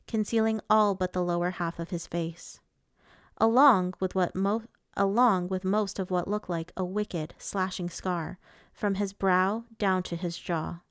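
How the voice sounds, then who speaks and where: A woman narrating a novel in the first person with a measured, even storytelling manner. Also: mid-range voice, clear, resonant tone, no room sound, studio quality. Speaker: audiobook reader.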